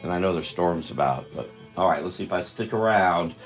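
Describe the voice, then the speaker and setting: A man's voice: low voice, fairly quick, faint music behind. An older man chatting on a live stream while he draws, rambling and interrupting himself, tired. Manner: meandering, self-interrupting, chatty.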